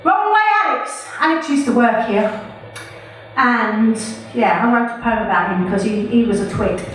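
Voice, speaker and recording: A woman's voice: on the high side, expressive, moderate pace, background noise. A woman performing her own poems live, chatty and playful between them. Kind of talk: live spoken-word poetry reading. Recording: echoey room from far off.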